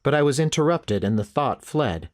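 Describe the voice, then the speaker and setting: First-person audiobook narration comes from a man whose voice is mid-range. He reads at an even, measured pace.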